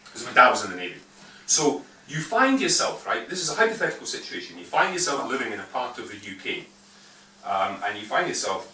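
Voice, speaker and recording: Brief: fifties man, bright animated delivery, jokey arguer, echoey meeting room from afar. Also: medium pitch, a little fast. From England. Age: 50s. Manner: joking, rambling, argumentative. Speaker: invited speaker. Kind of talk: political talk answering questions. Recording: echoey room, distant mic, faint hiss.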